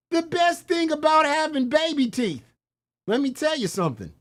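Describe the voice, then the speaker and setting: A man's voice: very high voice, fairly bright tone. Scoffing profane stream commentator man. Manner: scornful, profane, mocking disbelief. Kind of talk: reaction commentary on clips.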